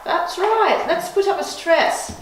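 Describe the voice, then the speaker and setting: A woman's voice: extremely high pitch, slow pace. A woman teacher with a Russian accent giving a patient classroom demonstration lesson, chanting syllables in a sing-song way. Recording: echoey classroom with background noise.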